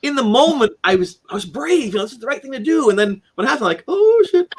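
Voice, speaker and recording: A man with a very high-pitched voice talks fast over slight background noise. He's an interview guest telling a personal story, animatedly acting out quotes with sudden vocal jumps and restarting often.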